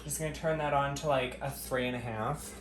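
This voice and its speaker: A man chats to his viewers while he cooks in his home kitchen, cursing and teasing them with sarcastic, mock-dramatic remarks. His voice sits at an ordinary middle pitch. The room is echoey, with a faint hum of ambient noise behind him. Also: steady tone, a little fast. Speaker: vlogger. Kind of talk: cooking vlog chat to camera.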